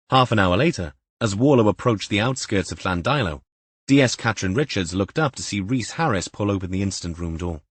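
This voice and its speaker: A man narrating a crime audiobook in a measured, even way. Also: fairly low pitch, husky, no room sound. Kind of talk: scripted narration.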